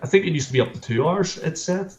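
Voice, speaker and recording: A Northern Irish plasterer, guesting on an interview, chats casually in a slightly high, animated voice and talks fast. He tells stories and keeps repeating words as he goes, and the room he's in sounds echoey.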